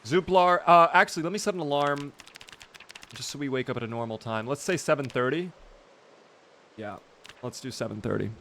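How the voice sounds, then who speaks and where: A man's voice: mid-range voice, animated, brisk, long pauses, bright, forceful tone, slight background noise. A man streaming a game live, chatting casually, teasing his character and answering his chat.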